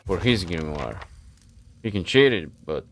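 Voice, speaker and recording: Low-voiced man reading game text. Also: very animated, unhurried, fairly bright tone. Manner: laid-back, muttering asides. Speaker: gameplay streamer. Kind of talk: casual gameplay commentary and reading game text aloud.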